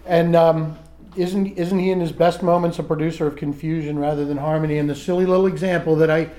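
A middle-aged man sharing candidly in a recovery group, self-mocking and halting, often restarting his sentences. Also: fairly high pitch, fairly even intonation, mellow.

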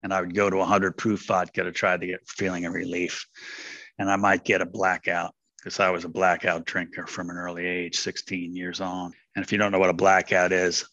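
An older man tells his story in a low, steady voice that barely rises or falls, with a bright edge to it. He talks candidly and rambles, with many fillers. The sound is close and dry. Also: fairly quick, dry recording, highs cut off. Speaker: speaker sharing at a recovery meeting. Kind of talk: personal testimony.

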